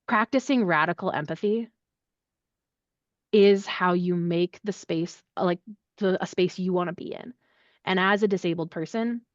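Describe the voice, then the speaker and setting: A woman's voice: medium pitch, dry recording. Chatty woman guest, dry dull sound. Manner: animated, chatty, with lots of fillers. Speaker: accessibility services head, podcast guest. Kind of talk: conversational interview answer.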